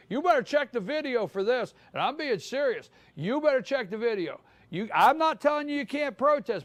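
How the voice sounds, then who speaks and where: Fired-up high-voiced man. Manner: fired-up, emphatic, repeats his points. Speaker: morning show host. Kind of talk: live opinion monologue. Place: live broadcast from a downtown spot.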